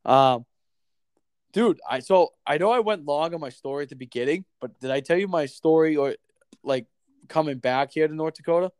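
Profane, animated man telling a story. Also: fairly high pitch, normal speed, clean tone, no echo. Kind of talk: casual storytelling chat.

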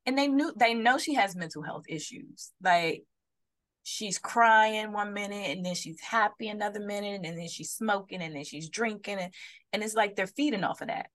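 A podcast co-host speaks in a mid-range, slightly bright voice at normal speed. Chatting casually, she tells stories and acts out quotes in shifting voices.

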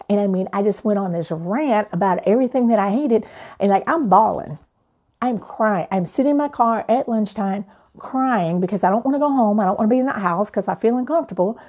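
A young adult woman, a life coach, telling a personal story in an animated, playful way. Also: medium pitch, fairly quick, phone-quality sound.

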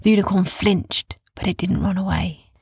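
This is gentle bedtime narration from a woman whose voice is quite husky and gravelly and a touch low. She goes slow and calm, often whispering and repeating comforting lines, recorded close and dry with no echo.

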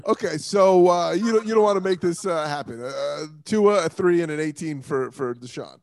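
A man's voice: fairly high pitch, moderate pace, creaky, no echo. A man hosting a casual sports talk show, joking and laughing often.

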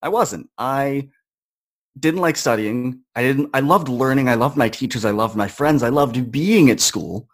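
Young male podcast guest, mid-pitched, earnest storyteller who slips into other people's voices. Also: measured pace. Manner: earnest, conversational, acts out quoted voices. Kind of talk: personal storytelling in conversation.

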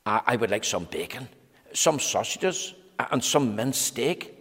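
A man voicing a timid, soft-spoken little storybook man who talks meekly and stammers. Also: medium pitch, lively intonation, a little slow, slightly rough, exaggerated voice. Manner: meek, hesitant, stammering. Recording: echoey hall reverb.

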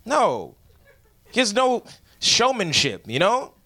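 A man's voice: high voice, huge pitch swings, takes it slowly, bright, forceful tone. A young man doing a stand-up comedy set, talking in a loose, profane, conversational way and acting out the voices he quotes.

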